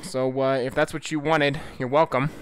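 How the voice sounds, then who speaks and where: A man giving casual, profane gameplay commentary as a YouTube host, excitable and easily spooked. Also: mid-range voice, normal speed, smooth.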